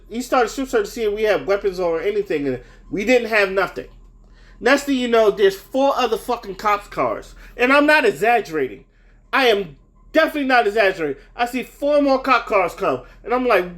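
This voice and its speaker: Young guy, pretty high voice, rambling heated story, swears a ton. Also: fairly bright tone. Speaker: vlogger. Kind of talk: casual storytelling rant.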